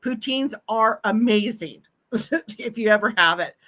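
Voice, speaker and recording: A woman's voice: a little high, measured pace, a bit bright. A middle-aged woman with a Pacific Northwest American accent, hosting a livestream in chatty, casual talk and laughing often. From Washington State, USA. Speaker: livestream host. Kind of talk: casual chat.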